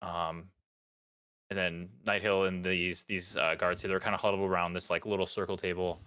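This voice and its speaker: A man's voice: low voice, flat delivery, moderate pace, bright, forceful tone, clear, resonant tone. A man narrating a tabletop game as dungeon master in a loose, rambling way. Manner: loose, full of fillers and restarts.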